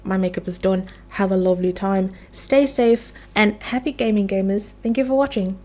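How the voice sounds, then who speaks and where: A woman's voice: mid-range voice, normal speed, warm tone. Young female vlogger, casual and playful, gossipy lore chat, mid-range voice. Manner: chatty, playful, swears casually. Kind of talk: casual lore chat while doing makeup.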